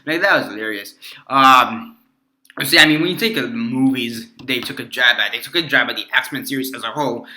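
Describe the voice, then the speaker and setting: A man's voice: mid-range voice, a little fast, pushed and bright. A man casually reviewing a movie on his video channel, rambling with many fillers and restarts and swearing freely.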